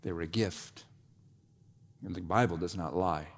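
A male pastor delivering a sermon with deliberate, dramatic pacing. He lets phrases hang and then sinks to a low, hushed tone. His voice rings out with a long reverb, as in a church sanctuary. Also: vocal fry. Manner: dramatic preaching with long pauses and sudden drops to a low quiet voice.

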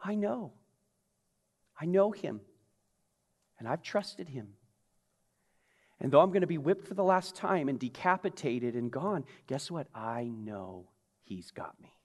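A man voicing an aged male martyr who speaks with calm certainty in a hushed, near-whispered voice. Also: a little high, a little slow, long pauses, voice pushed down, heavily acted. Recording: long reverb of a large hall.

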